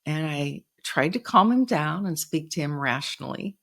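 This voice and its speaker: A middle-aged woman with a somewhat low voice tells a personal story on her podcast. She speaks in an earnest, reflective way. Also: animated, moderate pace, creaky, a bit bright. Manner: reflective, earnest, quoting others with raised voice. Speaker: podcast host.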